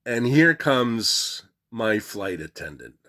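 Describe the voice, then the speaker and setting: An older man telling a comic yarn, animated and laughing at his own jokes. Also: mid-range voice, slow pace. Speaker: storyteller. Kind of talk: comic storytelling. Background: faint guitar music.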